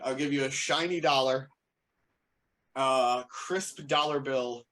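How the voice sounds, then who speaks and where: A man's voice: medium pitch, steady tone, slow, a bit bright. A man co-hosting a wrestling podcast, playful and rambling, correcting himself as he goes. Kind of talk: casual chat.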